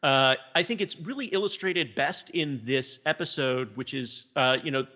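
A man's voice: medium pitch, moderate pace, sharp tone. A man from South Louisiana chatting casually about television, thoughtful and hesitant, with plenty of fillers. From South Louisiana, USA. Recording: dull lo-fi sound with long reverb.

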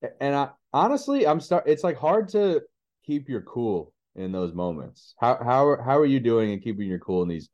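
A man's voice: mid-range voice, big pitch swings, moderate pace, a little mellow, highs cut off. A man co-hosting a podcast in casual chat, speaking frankly about his struggles as a parent. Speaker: podcast co-host.

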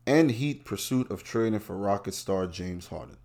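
A man, a podcast host talking in a brash, rambling, profane monologue that swings from quiet asides to loud outbursts. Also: fairly low pitch, lively intonation, moderate pace, few pauses. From Brooklyn, New York. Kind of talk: profane casual commentary monologue.

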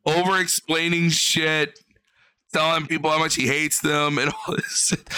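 Young guy roasting someone on stream, swears a lot, animated, bright high-ish voice. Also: a little slow. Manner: mocking, animated, crude. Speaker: stream commentator. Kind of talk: profane reaction commentary.

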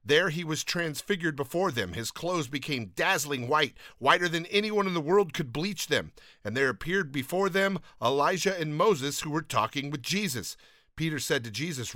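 A man's voice: fairly high pitch, animated, normal speed, sharp tone, no room sound, studio quality. A man hosting a Bible podcast, talking in an earnest, enthusiastic and self-deprecating way, often restarting his sentences, and reading scripture aloud. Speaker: podcast host.

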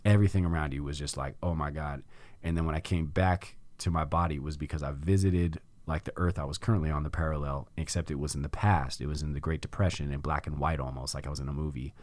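A man's voice: a bass voice, fairly even intonation, fast talker, darkish tone, no echo. A middle-aged man hosting a podcast, telling a personal story in casual conversation and acting out his own past reactions. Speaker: podcast host.

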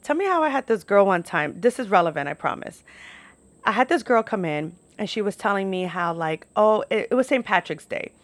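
A woman's voice: medium pitch, big pitch swings, fairly quick, dry recording. A young woman from New York telling stories in a casual podcast monologue, chatty and profane, full of "like". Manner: chatty, lots of "like", profane asides. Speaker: podcast host.

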